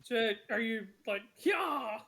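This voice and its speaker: A woman's voice: fairly high pitch, a little slow. A woman narrating a tabletop game session as game master, chatty and apologetic with many fillers.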